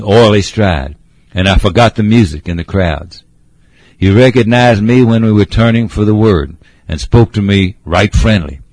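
A man's voice: on the low side, a little mellow, dry recording. A man voicing an old male cab horse with a gurgling voice, telling his tale politely and addressing the listener as sir. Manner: polite, says sir often.

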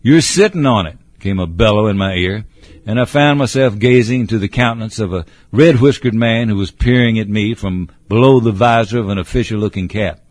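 A man narrating a story in a measured, descriptive way. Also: lowish voice, darkish tone, no echo. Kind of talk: storybook reading.

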